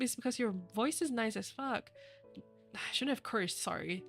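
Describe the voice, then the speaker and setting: A young woman streams and chats casually, rambling with lots of fillers and giggling often. Her voice sits a little high for a woman, and soft music plays faintly behind her. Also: expressive, normal speed. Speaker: virtual streamer. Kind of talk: casual livestream chat.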